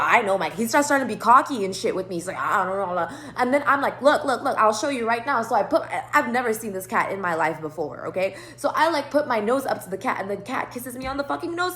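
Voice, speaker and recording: A woman telling a long, rambling personal story to camera, swearing freely and acting out both sides of the conversation. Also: mid-range voice. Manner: rambling, profane, animated retelling. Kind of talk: casual storytime monologue.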